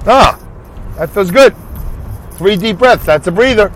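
Man, solo podcast host, fairly high voice, rambling, thinks out loud, faint background noise. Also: expressive, measured pace, rough recording. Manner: rambling, thinks aloud, answers his own questions; leads listeners through a breathing break. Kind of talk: casual solo podcast talk.

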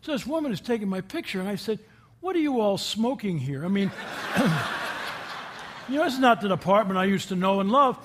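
High-voiced man telling folksy stories. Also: lively intonation, normal speed, pauses often, background noise. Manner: folksy, asks the audience questions. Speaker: guest speaker addressing a group. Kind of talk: inspirational talk with anecdotes.

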